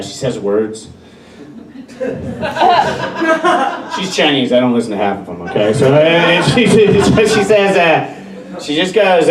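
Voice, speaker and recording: A young man doing a stand-up comedy set at a bar, telling rambling self-deprecating stories with many restarts. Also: fairly high pitch. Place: bar or brewery stage with a live audience. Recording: echoey room, far mic, loud crowd. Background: audience laughter.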